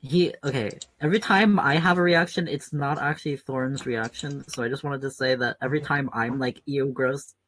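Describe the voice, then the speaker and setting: A man's voice: medium pitch, brisk, few pauses, fairly bright tone, a little hiss or hum, poor audio. A man playing a tabletop game, chatty and self-aware about his character. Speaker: player. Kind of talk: casual tabletop play.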